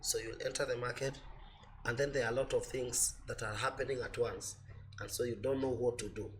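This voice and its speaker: A man teaching an online trading class, explaining slowly with repetition and fillers, his voice a little off from a cold. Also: medium pitch, steady tone, a little hiss or hum. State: voice slightly off from a cold. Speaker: forex trading instructor.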